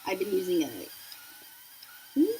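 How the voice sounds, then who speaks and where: Chatty young female beauty streamer, very animated delivery, faint apartment noise in the background. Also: mid-range voice, normal speed, low-quality recording. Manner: bubbly, chatty, reads viewer messages aloud. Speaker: beauty livestream host. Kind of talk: casual chat while doing makeup. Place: apartment room with a noisy radiator. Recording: faint room noise from radiator. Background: faint radiator hiss.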